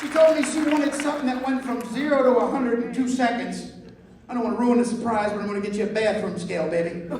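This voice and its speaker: High-voiced man doing crude stand-up. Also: fairly even intonation, fast talker, a loud crowd, very noisy. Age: 50s. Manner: crude storytelling, acts out dialogue. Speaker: stand-up comedian. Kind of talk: stand-up comedy set. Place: club stage with live audience. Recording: echoey hall from far off. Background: audience laughter.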